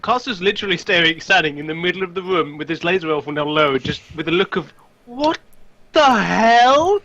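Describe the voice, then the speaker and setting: A man playing his character in a tabletop game, excitable and playful. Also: a little high, fast, a little hiss or hum. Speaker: player. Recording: dull lo-fi mic.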